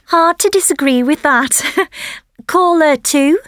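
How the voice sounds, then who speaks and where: A woman's voice: sits high, slow, fairly bright tone, dry recording, studio quality. A woman with a Liverpool accent hosting a radio phone-in, frank and chatty. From Liverpool, England.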